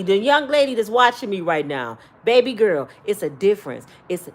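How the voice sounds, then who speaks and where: A middle-aged woman talking bluntly and profanely, giving life advice in casual, preachy storytelling. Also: on the high side.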